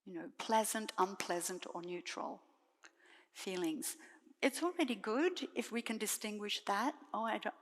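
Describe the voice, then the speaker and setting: A Buddhist nun gives a dharma talk in a soft, gentle voice of middling pitch. She speaks slowly and leaves calm pauses between phrases. Her words ring out with the long reverb of a meditation hall.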